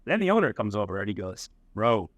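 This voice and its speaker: Fast-talking man telling bar stories. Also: fairly low pitch, no echo, lo-fi sound. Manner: animated, acts out quoted voices. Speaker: podcast co-host. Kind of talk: casual storytelling. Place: cigar bar.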